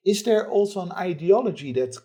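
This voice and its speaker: A man's voice: sits high, lively intonation, fairly quick, mellow. A man hosting a podcast, asking long, wordy, probing interview questions. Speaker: podcast host.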